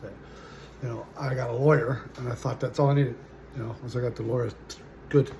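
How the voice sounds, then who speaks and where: A man in his forties telling his own story as a vlogger, halting and full of fillers, his sentences often trailing off quietly. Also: medium pitch, steady tone, gravelly, a little hiss or hum. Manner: halting, full of "uh" and "you know", trailing off softly. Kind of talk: personal storytelling to camera.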